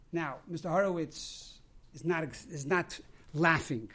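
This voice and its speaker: A rabbi preaches, moving from teaching into a story. His voice is high for a man, and he explains each term in turn. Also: unhurried, fairly bright tone, slightly rough. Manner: explains terms one after another, tells stories. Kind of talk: sermon with storytelling.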